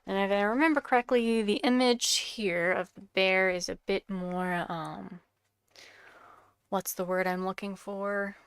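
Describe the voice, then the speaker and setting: A woman's voice: medium pitch, fairly even intonation, a little slow, smooth, no room sound, clean studio sound. A woman with a congested voice chatting casually as she narrates her sculpting, searching for words and dropping into whispers now and then. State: congested, coughing. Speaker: sculpting vlogger.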